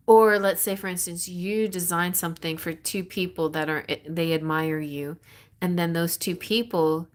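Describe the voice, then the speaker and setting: Excitable rambling tarot reader, woman. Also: fairly low pitch, normal speed. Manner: rambling, excitable, restarts often, laughs between phrases. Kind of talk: live-stream tarot reading.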